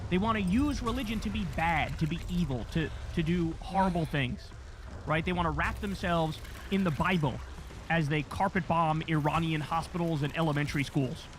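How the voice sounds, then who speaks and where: A man's voice: a little high, normal speed. A man hosting a livestream news commentary, fiery and sarcastic, swearing freely as he rants. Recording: noisy livestream audio.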